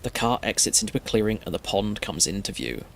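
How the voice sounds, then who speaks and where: A man streamer narrating a scary story in a steady, measured reading. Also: lowish voice, gravelly.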